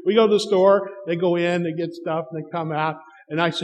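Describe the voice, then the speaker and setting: A man's voice: high voice, steady tone, fairly quick. A middle-aged man preaching a sermon, telling stories and acting out the dialogue with chuckles. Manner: storytelling with acted-out dialogue and chuckles. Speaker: pastor. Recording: long hall reverb.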